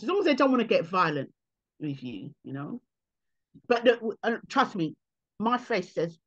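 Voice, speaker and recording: A woman comedian, answering interview questions in an animated way and acting out other people's voices. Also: lowish voice, measured pace, muffled recording.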